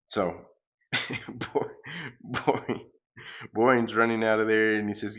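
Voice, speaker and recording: A man's voice: lowish voice, level tone, slow pace, long pauses, fairly bright tone, muffled recording. A man hosting a comic reading, giving casual commentary with amused, chuckling asides. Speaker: comic book reader and channel host. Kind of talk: casual read-aloud commentary.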